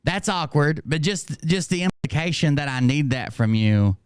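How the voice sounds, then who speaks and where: A man's voice: a little high, lively intonation, moderate pace, smooth, no room sound, studio quality. A man hosting a casual livestream, rambling and self-mocking, laughing often. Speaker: streamer host.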